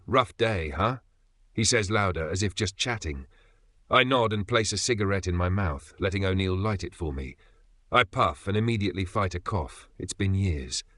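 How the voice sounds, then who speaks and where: A man's voice: fairly low pitch, pushed and bright, dry recording. A man giving tense, dramatic first-person narration of a thriller story. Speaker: narrator voicing the father.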